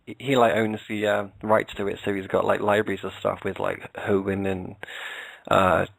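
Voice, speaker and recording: A man's voice: lowish voice, flat delivery, moderate pace, gravelly, a bit bright, no room sound, poor audio. A British man, a podcast co-host, chatting casually as an interview guest, hesitant with many fillers and restarts. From England.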